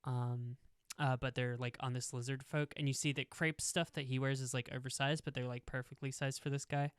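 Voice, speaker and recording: A man's voice: mid-range voice, little pitch movement, a little fast, smooth, dry recording, clean studio sound. A young man narrating a tabletop game as game master, rambling with lots of fillers. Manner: rambling, full of "like" and "um".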